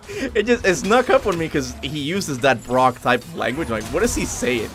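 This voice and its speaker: A man's voice: medium pitch, very animated, moderate pace, fairly bright tone, soft background music. A young man streaming a video game, chatting casually and rambling, often correcting himself and laughing. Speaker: gaming streamer. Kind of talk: casual live commentary over gameplay.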